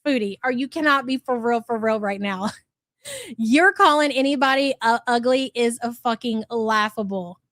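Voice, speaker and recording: A woman's voice: on the high side, animated, moderate pace, a bit bright, no room sound, studio quality. A woman giving exasperated, sarcastic reaction commentary and reading chat aloud. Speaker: commentary YouTuber.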